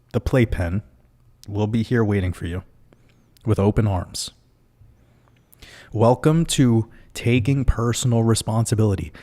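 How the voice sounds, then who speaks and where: Male livestream host, casual chat, swears freely, laughs often, lowish voice. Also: dark tone.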